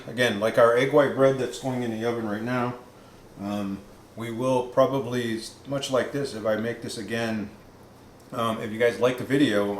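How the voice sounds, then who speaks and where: A man with a medium-pitched voice hosts a casual keto cooking vlog, rambling with many ums and restarts and sometimes speaking while he tastes the food. The room is echoey, and there's a little hiss or hum.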